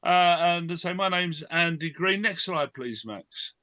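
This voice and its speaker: A man's voice: on the high side, expressive, measured pace, bright, forceful tone, no echo, muffled recording. A man hosting an online event presentation, talking with lots of fillers and restarts. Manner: hesitant, many fillers and restarts. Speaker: host.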